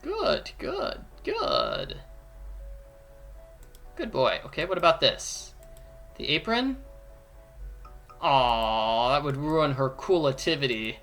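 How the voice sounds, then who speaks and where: A man's voice: mid-range voice, animated, measured pace, pauses often, fairly bright tone, faint music behind. A man giving a playful walkthrough of an adventure game, explaining each step and joking along. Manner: playful, explains steps, jokes and does voices. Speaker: let's play commentator.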